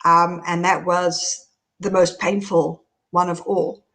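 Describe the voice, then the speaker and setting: Lady hosting, honest personal chat, gets animated telling it. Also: fairly low pitch, takes it slowly. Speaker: host. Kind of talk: candid personal storytelling.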